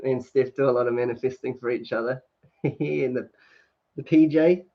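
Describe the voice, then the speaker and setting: A man's voice: mid-range voice, steady tone, normal speed. A man hosting a casual livestream, reading comments and chatting with many fillers and laughs. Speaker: livestream host. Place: indoors at home, sunny. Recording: dull lo-fi stream audio.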